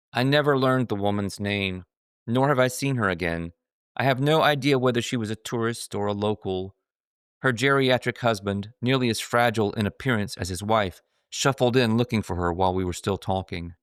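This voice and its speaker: Wry, low-voiced man reading his memoir. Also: normal speed, clear, resonant tone, no echo, studio quality. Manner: wry, self-mocking storytelling. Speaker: author narrating his own book. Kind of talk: scripted memoir narration.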